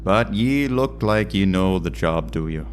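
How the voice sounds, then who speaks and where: A man voicing an old-timey, gruff male boatman with a put-on Irish accent and slow, drawn-out delivery. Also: deep voice, lively intonation, slight background noise.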